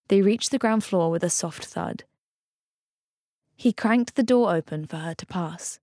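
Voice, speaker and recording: A woman reads an audiobook in a measured, even storytelling style. Her voice is on the low side, and the studio-quality recording has no room sound.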